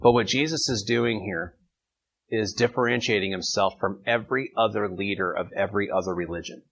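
A man's voice: lowish voice, brisk, vocal fry, fairly bright tone, slightly rough, poor audio. A man leading an informal Bible study, reading verses and taking questions from his group in a conversational way.

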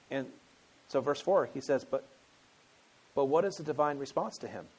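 A man's voice: mid-range voice, animated, normal speed, pauses often, husky. A man teaching a sermon on scripture in a conversational storytelling manner, acting out the quotes. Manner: conversational storytelling, acts out quotes, frequent restarts. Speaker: preacher. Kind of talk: expository sermon.

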